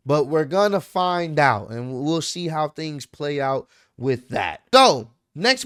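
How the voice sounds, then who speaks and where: A man recapping a wrestling show in a casual, animated way, full of slang and quick asides, as host of his own channel. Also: on the high side, clear, resonant tone, no room sound, clean studio sound.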